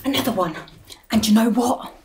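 A woman's voice: on the high side, normal speed, a little hiss or hum, lightly acted. A woman playing a foul-mouthed, exasperated treasure hunter who argues and swears. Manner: exasperated, sweary, arguing on a call.

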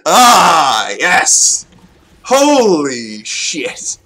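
Speaking slowly, a young gaming commentator reacts live to gameplay, his excitement veering from loud outbursts to quiet mutters.

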